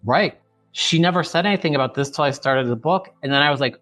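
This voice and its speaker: Earnest middle-aged guy guesting on a podcast, halting, dry recording with faint music. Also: medium pitch, pushed and bright, no room sound. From Chicago area. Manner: earnest, halting, many restarts. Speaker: author guest. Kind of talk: podcast interview.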